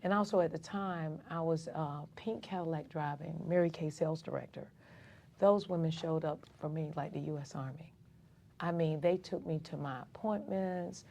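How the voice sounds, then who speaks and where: A low-voiced woman from Atlanta, Georgia, speaks at a moderate pace with vocal fry, and there's slight background noise. She's a community activist recounting her own story in a casual interview, animatedly acting out other people's voices and dialogue.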